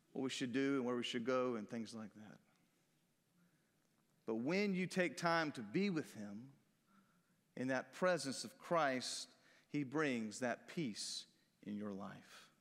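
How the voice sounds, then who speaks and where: A man's voice: mid-range voice, a bit bright. A man preaching a sermon as a pastor, in a folksy, conversational way, breaking into acted-out quotes. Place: church sanctuary. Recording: long reverb of a church hall.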